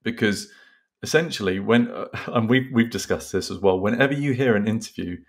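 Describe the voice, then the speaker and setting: A man's voice: lowish voice, brisk. A man hosting an interview, asking friendly questions with some hesitations. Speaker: podcast host. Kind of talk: casual interview chat.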